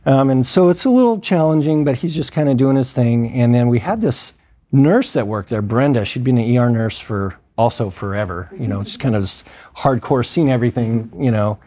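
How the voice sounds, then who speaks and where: A man's voice: medium pitch, expressive, brisk, mellow. Man telling an ER story casually. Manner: conversational, acts out quoted dialogue, frequent fillers. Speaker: emergency medicine clinician telling a story.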